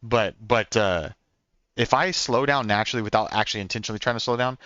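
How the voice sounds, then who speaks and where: A young man from Oklahoma with an Oklahoman accent, chatting quickly with his stream viewers, repeating words and laughing often. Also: fairly low pitch, sharp tone, dry recording, dull audio. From Oklahoma, USA. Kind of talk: casual live-stream chat with viewers.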